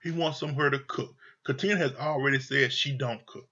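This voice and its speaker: A man's voice: medium pitch, brisk, sharp tone, highs cut off. A man giving a heated, profane rant reviewing a reality TV show, exasperated and repeating his points for emphasis.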